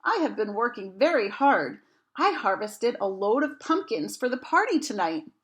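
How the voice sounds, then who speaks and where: A woman's voice: on the high side, very animated, normal speed, fairly bright tone. A woman voicing an easygoing, joking man cousin in a read-aloud storybook, with a wry, offhand delivery.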